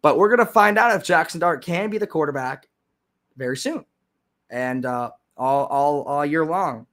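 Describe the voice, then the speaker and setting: Young man, casual live stream host, sarcastic, rambling, slightly high voice. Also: lively intonation, moderate pace. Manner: rambling, sarcastic, swings into loud rants. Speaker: livestream host.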